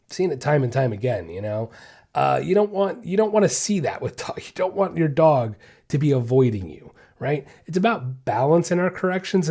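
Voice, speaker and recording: A man's voice: mid-range voice, slightly rough. A man hosting a casual dog-training podcast, explaining points with lots of repetition and checking in with "right?" and "okay?". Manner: animated, repeats points, asks "right?" and "okay?". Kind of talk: casual instructional podcast talk.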